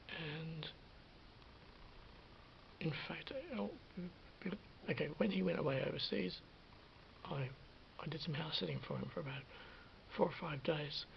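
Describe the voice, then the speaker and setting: Brief: middle-aged man, very gravelly voice, rambling storyteller, dull lo-fi recording. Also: a little high, a little hiss or hum. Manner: hesitant, self-correcting, drifts into whispers. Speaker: vlogger. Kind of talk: rambling personal anecdote.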